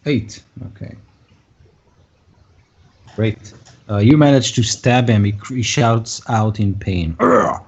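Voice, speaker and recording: Slow, halting game master man. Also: on the low side, a little mellow, dull audio. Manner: slow, halting narration with many fillers. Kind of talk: narrating a tabletop game.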